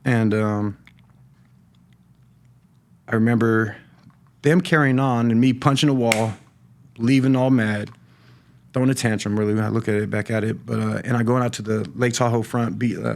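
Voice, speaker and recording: A middle-aged man giving a personal testimony on a podcast, talking in a halting way with many restarts and repeated words. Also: fairly low pitch, steady tone, vocal fry. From California. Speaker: podcast guest sharing recovery story. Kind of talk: personal testimony, casual talk.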